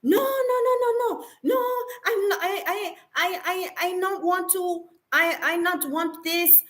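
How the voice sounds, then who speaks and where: A woman's voice: very high-pitched, fairly bright tone, pitched above the performer's own voice. A woman imitating a flustered female airline ground manager who stammers and backpedals, repeating no again and again. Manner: rapid repeated no's, stammering.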